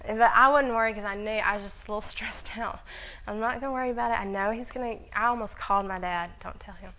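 A woman's voice: on the high side, a little fast, lo-fi sound. A woman Bible teacher giving an informal sermon, chatty, laughing often and breaking off into asides.

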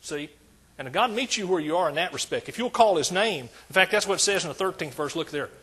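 An older man delivers a sermon with a husky, slightly breathy voice pitched a little above the usual for men. He preaches in an emphatic, repetitive cadence, driving each point home. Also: expressive, fast, a bit bright. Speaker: pastor.

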